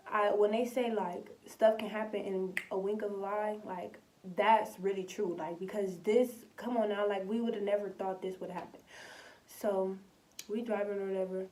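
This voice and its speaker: A young woman from Compton, telling a storytime vlog in animated, slangy, filler-heavy speech. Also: medium pitch. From Compton, California. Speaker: vlogger. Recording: voice somewhat distant from the mic.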